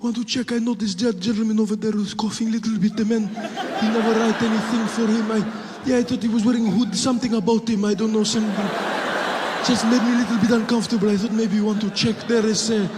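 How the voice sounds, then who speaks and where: Man doing a nervous passenger, put-on foreign accent, halting, apologetic, higher voice, echoey hall, audience noise. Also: flat delivery, natural voice. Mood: timid, apologetic. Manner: halting, apologetic, full of hesitations. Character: polite nervous male airline passenger.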